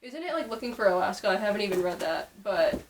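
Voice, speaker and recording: A woman's voice: mid-range voice, lively intonation, fast talker, slight background noise, low-quality recording. A young woman from upstate New York with a New York accent, chatting casually on her video with lots of fillers. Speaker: vlogger. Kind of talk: casual chat.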